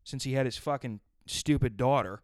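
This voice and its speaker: Male podcast host, smooth clear voice, dry close sound, crude rambling riffs. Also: mid-range voice, moderate pace, no echo. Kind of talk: solo podcast rant.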